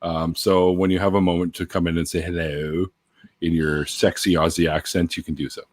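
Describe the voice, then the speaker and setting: A man's voice: low voice, little pitch movement, moderate pace. A man hosting a casual livestream, rambling, swearing and laughing as he sips beer. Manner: rambling, laughs often, swears, greets viewers in stretched sing-song calls. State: drinking beer, a bit tipsy. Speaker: livestream host.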